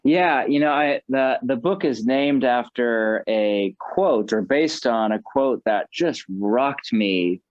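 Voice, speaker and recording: An American man chats loosely as an interview guest, piling up asides and "like"s. His voice sits at an ordinary middle pitch. The recording is dry and somewhat dull, as if over a remote link. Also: takes it slowly, hardly any pauses, no room sound. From United States. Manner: animated, chatty, many "like"s. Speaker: guest author. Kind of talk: casual interview chat.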